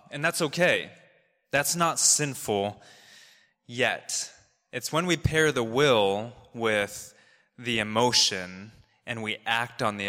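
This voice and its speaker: A man preaches in a relaxed, chatty way, full of small fillers and asides. His voice is bright and forceful, and long reverb trails from the hall around him. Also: fairly low pitch. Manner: conversational, laughing, many fillers. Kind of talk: sermon.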